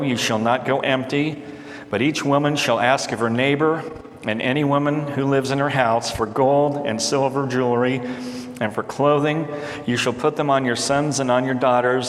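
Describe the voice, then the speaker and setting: A man's voice: mid-range voice, slight background noise. A man preaching a sermon as pastor, reading scripture aloud and retelling it in casual modern words. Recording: echoey hall with faint ambience.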